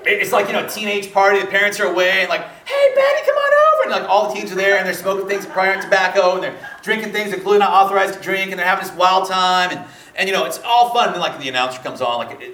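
A man telling a story in casual conversation, rambling and animated, laughing often and slipping into voices for the people he quotes. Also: sits high, racing, roomy sound, distant mic.

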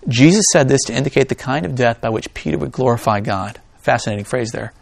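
A pastor reads scripture aloud, then talks to his congregation in an animated, joking way, full of asides. His mid-range voice is creaky, and he talks fast with hardly any pauses. The sound is clean studio quality, with no room sound.

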